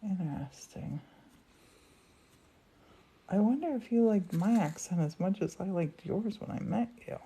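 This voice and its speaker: A middle-aged woman with an American accent, chatting warmly and laughing often while co-hosting a live crafting stream. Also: mid-range voice, lively intonation, unhurried, pauses often, slightly rough. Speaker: co-host of a live glassmaking stream. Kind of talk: casual chat.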